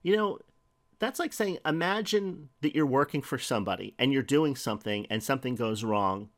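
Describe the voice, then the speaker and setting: At medium pitch and normal speed, a middle-aged man delivers a sermon in an easygoing, talkative way, throwing out rhetorical questions and reading from scripture.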